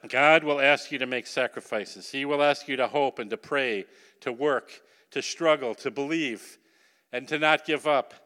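Bright-voiced male preacher in an echoey hall. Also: mid-range voice, normal speed. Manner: storytelling with acted-out dialogue and asides to the congregation. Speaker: pastor. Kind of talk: sermon.

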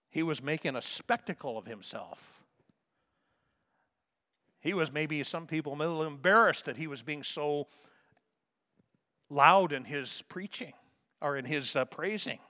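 A man preaching a sermon as a pastor, swinging from soft asides to loud emphatic calls. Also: fairly high pitch, unhurried, long pauses, long reverb tail.

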